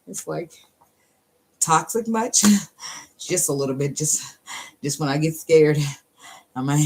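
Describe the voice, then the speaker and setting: A woman's voice: low voice, unhurried, long pauses. A woman giving a casual, channeled tarot reading. She is blunt and profane, talks with lots of energy and laughs often. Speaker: tarot reader.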